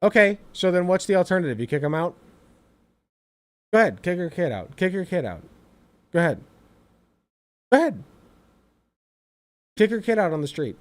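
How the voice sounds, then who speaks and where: Animated, high-voiced man ranting. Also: moderate pace, pauses often. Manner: animated, profane, exasperated ranting. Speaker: streamer reacting to a clip. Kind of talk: reaction commentary.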